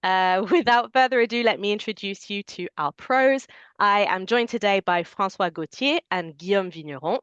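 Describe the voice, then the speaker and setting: A woman moderating an online webinar, giving clear and orderly introductions in a welcoming way. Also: mid-range voice, normal speed, a bit bright, no echo, dull audio. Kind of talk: scripted webinar hosting.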